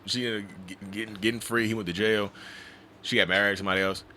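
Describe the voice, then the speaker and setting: A man working as a relationship coach, telling stories in a casual interview in an animated, colloquial way. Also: on the low side, quick pace, a little hiss or hum. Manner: animated storyteller who acts out quoted voices; colloquial, repeats 'you know'.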